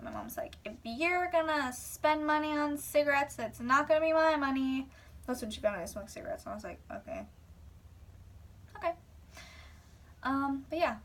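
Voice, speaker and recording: A woman's voice: on the high side, distant mic, slight background noise. A young woman vlogger rambling casually through a personal story, full of "like"s and whispered asides.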